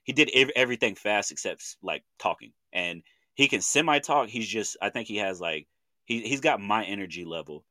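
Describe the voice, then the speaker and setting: A man in his thirties from Oklahoma with an Oklahoma accent, co-hosting a podcast and telling a story in animated casual chat, acting out what people said in slangy talk. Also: on the low side, normal speed, dry recording. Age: 30s. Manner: animated storytelling with slang, acts out quoted voices. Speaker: podcast co-host.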